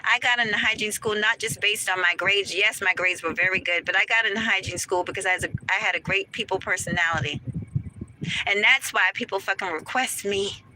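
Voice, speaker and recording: A woman's voice: medium pitch, brisk, bright, forceful tone, slight background noise, low-quality recording. Ranting woman dental hygienist in a car. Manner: emphatic, preachy, addresses viewers directly. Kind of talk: casual vlog rant.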